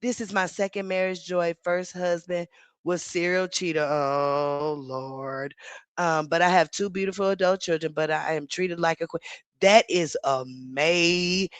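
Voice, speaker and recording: A woman's voice: fairly low pitch, measured pace, smooth, no room sound. A woman, hosting a casual live commentary stream, reading the chat aloud and talking back to it, sassy and laughing often. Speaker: livestream commentary host.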